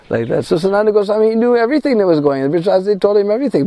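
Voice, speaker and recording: A man with a fairly high, mellow and warm voice leads a pilgrimage and tells a devotional tale. He tells it in an animated way and brings the quoted characters to life as he goes. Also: quick pace, long pauses, no echo. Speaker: pilgrimage guide and devotional speaker. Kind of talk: devotional storytelling on a pilgrimage tour. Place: at a shrine on pilgrimage.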